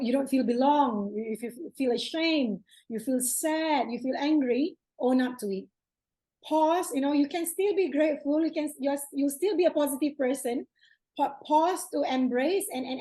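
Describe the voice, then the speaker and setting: A woman hosting a podcast interview, gently affirming and encouraging her guest. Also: high voice, poor audio. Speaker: podcast host. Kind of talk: conversational interview.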